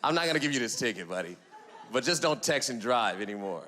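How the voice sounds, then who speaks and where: A comedian doing a laid-back Canadian male traffic cop in stand-up storytelling, with a slow drawl. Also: mid-range voice, expressive, sharp tone, pitched below the performer's own voice. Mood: easygoing.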